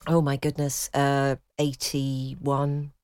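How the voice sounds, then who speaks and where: Low-voiced, dry woman co-host. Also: monotone, a little mellow, clear, resonant tone, no room sound. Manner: dry, teasing, quick quips. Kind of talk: casual chat.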